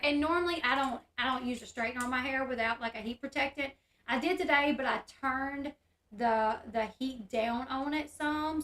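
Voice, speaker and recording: A woman's voice: high voice, fairly bright tone, roomy sound. Chatty woman streaming. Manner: chatty, candid, reads chat aloud. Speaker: YouTube host. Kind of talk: casual livestream chat. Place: room at home.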